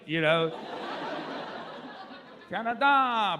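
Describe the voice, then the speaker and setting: A man performing a stand-up set, rambling loosely and acting out other people with loud shouted bursts. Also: on the high side, animated, normal speed, pauses often, noisy background. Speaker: stand-up comedian. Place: comedy stage.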